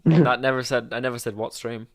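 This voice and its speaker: A man's voice: medium pitch, a little fast, crowd noise. A man hosting a casual podcast, rambling and restarting his sentences. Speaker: podcast host.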